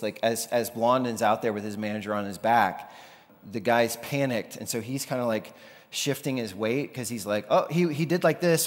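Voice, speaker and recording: A man preaching a sermon in a loose, conversational way, sometimes acting out the people he quotes. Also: fairly low pitch. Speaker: pastor. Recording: long hall reverb.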